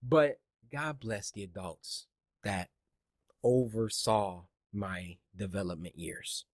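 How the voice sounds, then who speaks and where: A man speaking reflectively and gratefully, slowing down on the words that matter to him. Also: fairly low pitch, no room sound. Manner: thoughtful, grateful, slows down on key phrases. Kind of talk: reflective personal talk.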